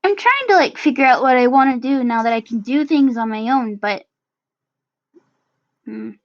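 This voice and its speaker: A woman's voice: high-pitched, lively intonation, no room sound. Woman playing a sheepish, timid young woman. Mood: uncertain. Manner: hesitant, halting with hums. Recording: slightly muffled recording.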